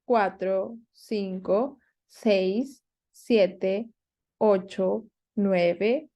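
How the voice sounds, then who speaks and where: A woman teaching phrases in English, speaking haltingly with many fillers and restarts. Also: mid-range voice, dark tone. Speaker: Spanish teacher. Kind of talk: online language lesson.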